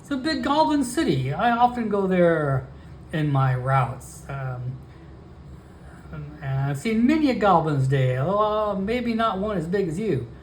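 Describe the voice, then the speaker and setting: A man's voice: sits high, big pitch swings, unhurried, slight background noise. A man voicing a chatty male merchant alchemist who pushes his wares with wheedling sales patter. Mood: coaxing. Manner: wheedling sales patter, calls everyone my friend.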